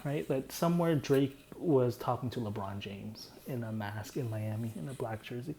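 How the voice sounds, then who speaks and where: A man's voice: medium pitch, normal speed, mellow, slight background noise, poor audio. A young man casually explaining his own song in a loose, rambling way, full of "like" fillers.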